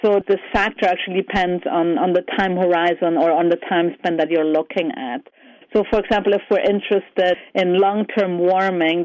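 The speaker is a climate scientist being interviewed, choosing words with care amid frequent ums and repetitions. A medium-pitched voice, free of echo, is heard on a thin, phone-like connection.

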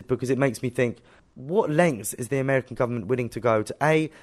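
A man, an activist guest telling a story in a casual interview with animated delivery. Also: medium pitch, fast talker. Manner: animated storytelling, acting out dialogue.

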